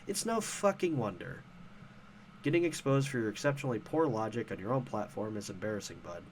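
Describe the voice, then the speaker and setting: A man's voice: on the low side, animated, a little fast, darkish tone, a little hiss or hum. A man hosting a casual commentary show, ranting about online arguments in a profane, sarcastic, heated way. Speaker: host.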